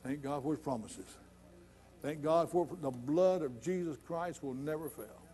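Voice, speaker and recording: A middle-aged man preaching a sermon in a church, folksy and conversational, building to loud emphatic points. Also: fairly high pitch, a little slow, faint music behind. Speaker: pastor.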